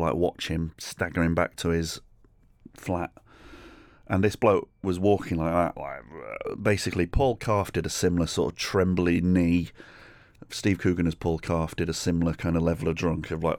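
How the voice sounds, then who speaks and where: Man, English accent, very low voice, sweary comic storyteller, podcast host. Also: no echo, studio quality. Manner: sweary, conversational, animated storyteller. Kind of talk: solo comedic storytelling.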